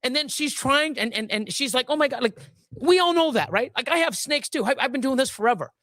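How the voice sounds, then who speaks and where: A woman's voice: sits high, animated, fairly quick, fairly bright tone, no echo. Brief: woman host, angry profane rant, restarts often, dry close mic. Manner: furious, profane, many restarts. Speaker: livestream host. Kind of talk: angry live-stream rant.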